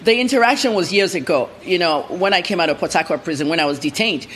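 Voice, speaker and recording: Woman journalist guest on TV news, blunt and animated. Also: on the low side, fast, a little hiss or hum. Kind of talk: TV news interview.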